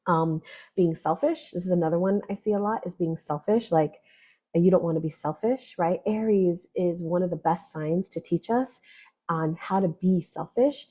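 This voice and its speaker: Chatty woman astrologer, husky dark voice. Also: lowish voice, normal speed. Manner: chatty, frequent "right?" and "like". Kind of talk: casual spoken forecast. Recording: dull lo-fi audio.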